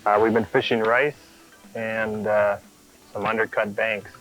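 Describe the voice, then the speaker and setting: A man giving a halting, filler-filled update on his tournament fishing. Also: on the low side, little pitch movement, a bit bright, faint music behind, rough recording. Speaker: tournament angler.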